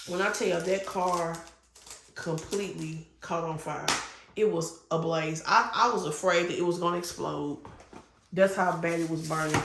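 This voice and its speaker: A middle-aged woman with a gravelly, creaky voice chats casually to her viewers, rambling and piling up fillers as she tells a story. Her voice rings around an echoey room with a faint hiss behind it. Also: on the low side. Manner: gets loud and excited when retelling a scare. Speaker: crafting channel host. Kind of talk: casual chat while crafting.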